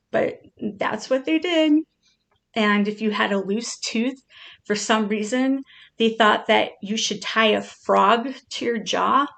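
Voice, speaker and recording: Creaky-voiced woman chatting to her pet turtle, kinda high, jokey and rambling. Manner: chatty and playful, reading out odd facts. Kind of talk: casual chat to a pet.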